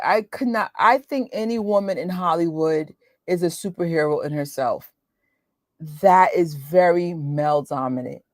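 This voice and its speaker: A woman in her forties, hosting a movie watch party, talking in a chatty, animated and exclamatory way. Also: on the low side, no room sound, studio quality. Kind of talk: casual chat.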